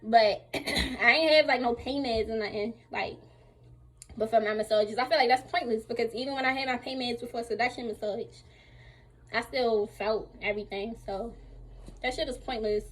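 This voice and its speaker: A young woman telling a casual storytime to her viewers, candid and slangy, animated as she retells what happened. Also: a little high, moderate pace, husky, rough recording. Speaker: vlogger.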